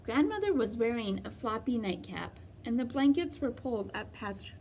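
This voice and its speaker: A woman reading a children's storybook aloud in a slow, expressive way. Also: a little high, far from the mic, a little hiss or hum.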